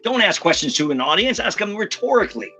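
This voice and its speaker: A man coaching on public speaking in a podcast interview, with a bright, forceful edge and a husky grain in his voice. He talks emphatically and jumps into short impressions to make his point. A faint music bed runs underneath. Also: high voice. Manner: energetic, emphatic, slips into quick impressions. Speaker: communication coach.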